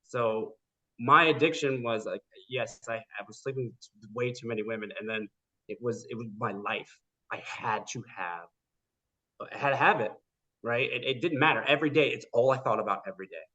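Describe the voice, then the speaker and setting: Animated man, dull lo-fi audio. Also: medium pitch, normal speed. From United States. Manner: animated, acts out quoted people, many "like" fillers. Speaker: podcast guest. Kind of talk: casual storytelling interview.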